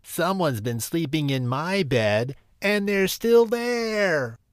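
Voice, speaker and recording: A man voicing a tiny baby bear cub in a bedtime storybook, with a high, crying squeak. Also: very animated, takes it slowly, smooth, no echo, clean studio sound. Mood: upset.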